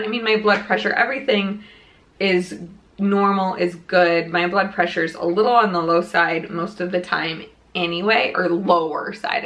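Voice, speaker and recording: A woman's voice: mid-range voice, pushed and bright. A young woman vlogging casually from home about her pregnancy, chatty and rambling with many restarts, a little out of breath. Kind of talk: casual pregnancy update vlog. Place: home room lit by a ring light.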